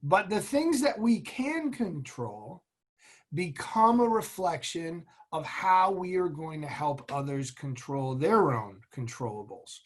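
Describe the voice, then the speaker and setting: A middle-aged man, a guest in an interview, speaking in an earnest, motivational way as he tells stories about leadership. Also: on the high side. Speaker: guest, former military officer and executive. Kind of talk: interview conversation.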